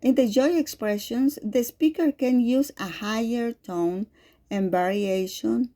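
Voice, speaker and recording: A woman whose first language is Spanish, reading a lecture with spoken examples in a slow, careful way. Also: a little high, warm tone. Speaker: teacher.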